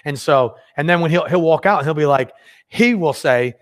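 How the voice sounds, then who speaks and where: Brief: male workshop presenter, slightly high voice, lively and conversational, coaching a room on sales. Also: moderate pace. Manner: energetic, conversational, acts out sales dialogues. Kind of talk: live workshop teaching.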